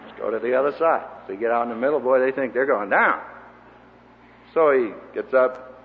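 Male seminary teacher, animated storytelling sermon, wry; muffled old tape, roomy hall. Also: medium pitch, a little fast. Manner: animated, acts out voices in his stories, wry humor. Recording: echoey hall, dull lo-fi tape with faint hiss.

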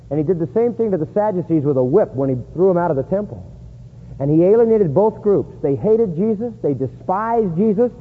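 High-voiced emphatic preacher man, echoey hall. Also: husky. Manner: emphatic, rising to loud high peaks for stress. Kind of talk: sermon. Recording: echoey hall on a tinny lo-fi line.

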